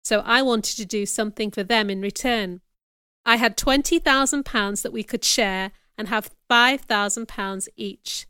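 A woman reading a first-person audiobook chapter as narrator, in clear, measured storytelling. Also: medium pitch, bright, forceful tone, no room sound, studio quality.

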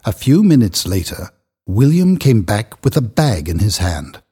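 A man narrating a story in a measured, expressive reading voice. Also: on the low side, husky. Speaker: audiobook narrator.

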